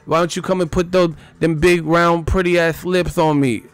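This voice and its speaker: A man doing an impression of a feared boxing champion, taunting in a high, profane voice. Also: little pitch movement, normal speed, clean tone, dry recording, faint music behind, lightly acted. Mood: mocking.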